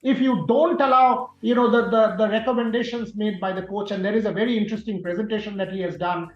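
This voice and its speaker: A man's voice: high-pitched, steady tone, fast. Emphatic man in a roomy recording. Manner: forceful, repeats key words for emphasis. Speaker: sports journalist guest. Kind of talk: emphatic opinionated interview answers. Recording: roomy, dull sound with faint music.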